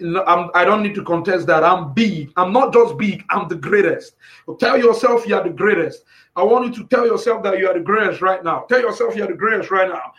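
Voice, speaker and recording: Man, very high-pitched, emotional testimony, near tears, repetitive, bursts of shouting. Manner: repeats "you understand?", bursts into shouts and praise. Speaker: music industry professional.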